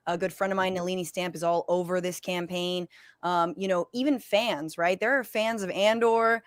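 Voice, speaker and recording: A woman, a comedian and political commentator, talking in a quick, emphatic way on a video call. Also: on the low side, fairly even intonation, no echo. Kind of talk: casual chat.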